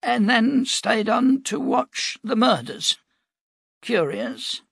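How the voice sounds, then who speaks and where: A man's voice: extremely high pitch, animated, slow pace, vocal fry, a bit bright, slightly rough, no echo, voice pushed up, full character voice. A man voicing a frail old male prophet whose voice stays strong and firm. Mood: probing.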